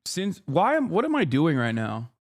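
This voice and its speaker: A man's voice: fairly high pitch, wildly swooping pitch, moderate pace. A male livestream host giving combative, sarcastic and profane reaction commentary.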